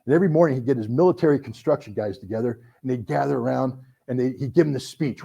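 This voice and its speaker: A man's voice: medium pitch, fast, creaky, few pauses, slightly rough, lo-fi sound. A middle-aged American man telling anecdotes to an audience at a book talk, acting out the people he quotes. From United States. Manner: animated anecdotal storytelling with voiced quotes. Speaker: author giving a book talk.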